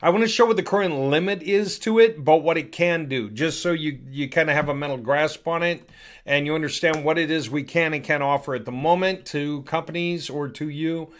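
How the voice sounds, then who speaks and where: A man giving a casual, rambling walkthrough of a software product, thinking aloud as he clicks through settings. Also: on the high side, brisk. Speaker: software demo presenter. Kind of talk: casual screen-recorded product demo.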